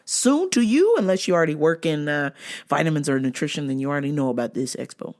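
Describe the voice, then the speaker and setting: A woman's voice: deep voice, expressive, a little fast. Fired-up, profane woman podcast host. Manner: profane, loud, fired-up ranting. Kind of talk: casual solo podcast rant.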